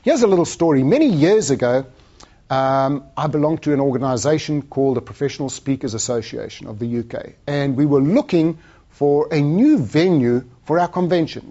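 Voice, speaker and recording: A man's voice: a little high, muffled recording. A man giving a motivational talk as a sales trainer, telling stories and acting out the dialogue. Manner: animated storyteller acting out dialogue.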